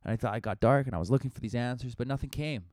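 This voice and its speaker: A man's voice: medium pitch, racing, darkish tone, no room sound, studio quality. A young man, a comedian, rambling through a profane, casual podcast monologue full of fillers.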